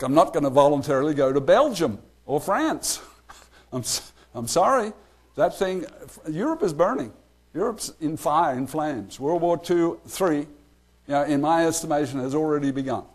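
A man leading a casual Bible study, chatty and animated, laughing often and acting out quoted lines. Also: a little high.

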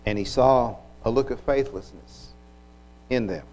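A man preaching a sermon, retelling scripture in an unhurried, reflective way with occasional restarts. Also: medium pitch, a little mellow, poor audio.

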